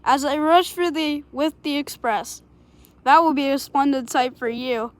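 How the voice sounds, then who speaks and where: A woman's voice: high voice, a little slow, dry recording. A woman voicing a big, proud, grumbling male steam engine in a storybook read-aloud. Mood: boastful. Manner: boastful, grumbling.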